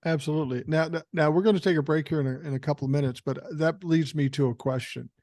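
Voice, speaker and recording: An older man hosts a podcast as a casual conversational interview, relaxed and blunt, swearing freely and stumbling over the opening words of his thoughts. He talks fast in a voice slightly high for a man, sounding dry and close to the mic in a dry recording.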